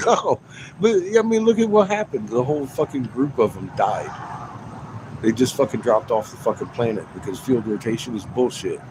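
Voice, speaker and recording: A man's voice: mid-range voice, expressive, moderate pace, noisy background. A man livestreaming a rambling, profane rant, swearing constantly, repeating himself and laughing between points.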